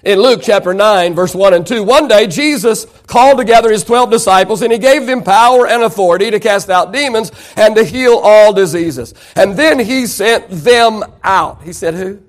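A high-pitched man preaches from the pulpit. He pushes his voice up on key points and asks the congregation questions before answering them himself. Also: normal speed, few pauses. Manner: preaching with rising emphasis and rhetorical questions. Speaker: pastor. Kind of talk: sermon.

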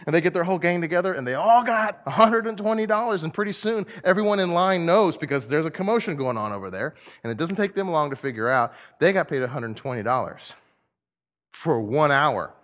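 A man preaching a lively sermon to a group, telling a parable and acting out the voices of its characters. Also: a little high, brisk. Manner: animated storyteller, acts out voices.

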